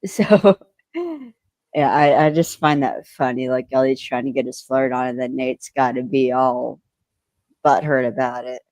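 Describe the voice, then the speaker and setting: A woman co-hosting a podcast, recapping an episode in rambling casual chat and acting out quoted lines, clearing her throat now and then. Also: rumbling low, steady tone, a little slow, darkish tone, no room sound. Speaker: podcast co-host.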